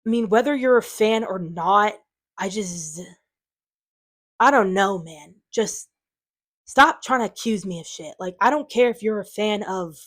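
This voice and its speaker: A woman talking to her viewers in an unscripted vlog, defensive and frustrated, rambling with lots of fillers. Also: medium pitch. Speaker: channel owner.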